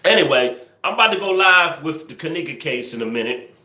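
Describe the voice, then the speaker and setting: A man hosting a live stream, teasing viewers and scolding trolls in the chat, sometimes yelling excitedly. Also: on the high side, a little fast, roomy sound. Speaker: livestream host. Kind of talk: casual live-stream commentary, talking to the chat.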